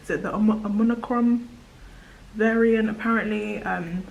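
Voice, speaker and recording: A young woman, chatting while doing her makeup at home, rambling with lots of "like" and slipping into soft whispers. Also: medium pitch, steady tone, normal speed, gravelly, lo-fi sound, a little hiss or hum. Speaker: beauty vlogger. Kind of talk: chatty get-ready-with-me monologue. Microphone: camera on a tripod.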